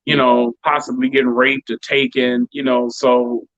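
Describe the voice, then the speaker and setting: A man's voice: medium pitch, moderate pace, dry recording. A male DJ and producer from Chicago, chatting in a casual interview and acting out the voices of the people in his stories. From Chicago, United States. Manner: animated, acts out quoted voices. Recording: dry, dull lo-fi sound.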